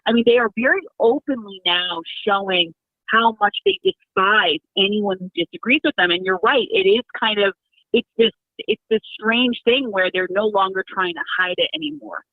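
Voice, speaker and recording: A woman's voice: medium pitch, animated, dry recording. Woman calling in over a tinny phone, opinionated political chat, lots of restarts. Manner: earnest, opinionated, with halting restarts. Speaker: radio show guest. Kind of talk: political talk radio chat. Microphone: telephone.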